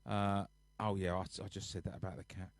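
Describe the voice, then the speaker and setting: A man's voice: deep voice, flat delivery, a little fast, dry recording. Chatty man on a home live stream. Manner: rambling, chatty, reads viewer comments aloud. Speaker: live-stream host and musician. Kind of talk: casual chat to a live online audience. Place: home, sitting on a sofa.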